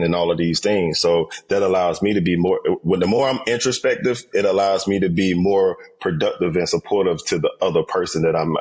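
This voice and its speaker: A man speaking as a therapist guest on a podcast, earnest and reflective, with casual slang. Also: sits low. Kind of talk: podcast conversation.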